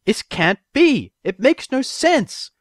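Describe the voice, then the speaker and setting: Guy playing a young pony mare yelling in frustration, high and lively, dry, faint music. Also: slow, no echo, full character voice. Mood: frustrated. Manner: shouting in frustration. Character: bookish young female pony, frustrated and intense.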